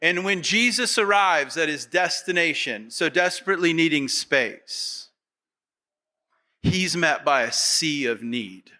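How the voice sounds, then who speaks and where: Speaking unhurriedly with lively intonation, a male pastor delivers a sermon in a slightly high, bright and forceful voice. He keeps firing rhetorical questions at the congregation, repeating himself and voicing their imagined replies.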